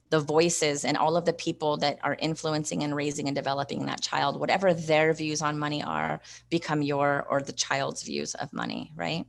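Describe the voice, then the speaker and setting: Host, female, low gravelly voice, encouraging coach on a live video session. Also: a little hiss or hum. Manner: encouraging, coaching, reads viewer comments aloud. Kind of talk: live online training session.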